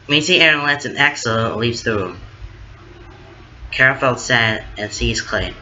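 A man hosting his own channel, reading his fan fiction story aloud in a casual, slow narration. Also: mid-range voice, lively intonation, bright, forceful tone, lo-fi sound, slight background noise.

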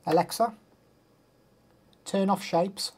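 A man's voice: sits high, fairly even intonation, slow pace, a little mellow, soft background music. A young man chatting casually on a live stream, rambling and answering chat messages.

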